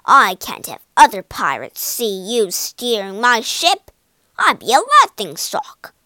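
Woman playing a gruff, mean pirate captain, bossy and loud; dry close sound. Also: on the high side, very animated, measured pace, dry recording, exaggerated voice.

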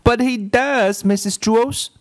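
A man's voice: takes it slowly, no echo. A man voicing a whining tattletale schoolgirl in a storybook reading. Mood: whiny. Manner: high, whining complaint.

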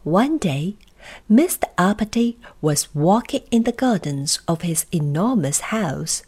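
A woman reading a children's storybook aloud, expressive, with dramatic pauses and breathy hushed asides. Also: fairly low pitch. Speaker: narrator.

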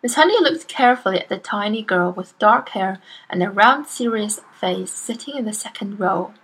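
A woman reading a children's novel aloud in a slow, careful storytelling manner. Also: mid-range voice, lively intonation, fairly bright tone, slightly rough. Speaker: storybook reader.

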